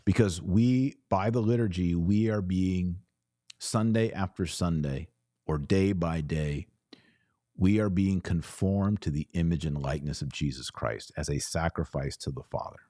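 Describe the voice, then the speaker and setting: Male livestream host, deep and dark-toned, emphatic, repeats himself for stress, dry close mic. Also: unhurried, no room sound. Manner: earnest, emphatic, repeats phrases. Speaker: host reading super chats. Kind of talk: livestream commentary.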